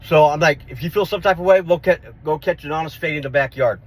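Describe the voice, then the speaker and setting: A middle-aged man telling a street fight story in a casual vlog, rough-spoken, swearing and repeating himself as he goes. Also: fairly high pitch, fast talker. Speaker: vlogger.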